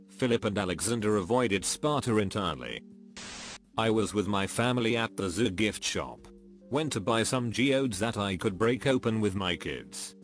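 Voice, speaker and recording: A man narrating a string of short anecdotes read from an online forum, in a steady storytelling manner. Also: lowish voice, normal speed, soft background music. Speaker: narrator reading online posts. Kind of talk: scripted narration.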